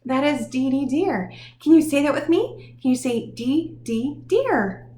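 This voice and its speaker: A woman teaching young children in a lively, sing-song manner, encouraging them and talking straight to them. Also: high voice, normal speed, echoey room, a little hiss or hum. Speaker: preschool teacher. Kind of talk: children's lesson.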